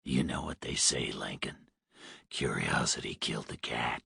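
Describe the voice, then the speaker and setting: A man voicing a hoarse, heavy-smoking stranger who threatens in a low, slow whisper. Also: lively intonation, pushed and bright, no room sound, clean studio sound, full character voice. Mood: menacing. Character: hoarse menacing man on phone, smoker.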